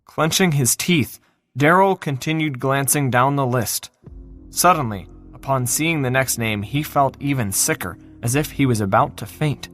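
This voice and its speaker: A man narrating a fantasy novel in an expressive, dramatic reading style. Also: mid-range voice, moderate pace, dry recording, faint music behind. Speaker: audiobook narrator.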